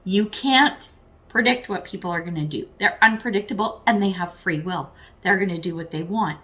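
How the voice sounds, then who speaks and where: A woman's voice: mid-range voice, moderate pace, sharp tone. A woman reads tarot cards for her audience in a loose, conversational way. She speaks frankly, curses without hesitation, and addresses the listener directly with playful asides about herself. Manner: chatty and frank, swears freely; addresses viewers directly, self-deprecating asides. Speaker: tarot reader. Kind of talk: casual tarot reading to camera.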